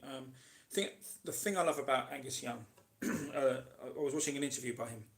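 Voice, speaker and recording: A man with a medium-pitched, fairly bright voice talks a little fast, with some vocal fry. He's hosting a casual live Q&A stream, reading viewers' comments aloud and answering them in a rambling, chatty way full of ums and restarts.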